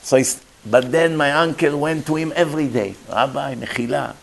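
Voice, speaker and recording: Rabbi guy teaching torah, talks up high, punchy and animated, broken-ish english w hebrew bits. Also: normal speed. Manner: emphatic, animated, switches into Hebrew phrases; non-native English grammar. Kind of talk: Torah lecture with storytelling.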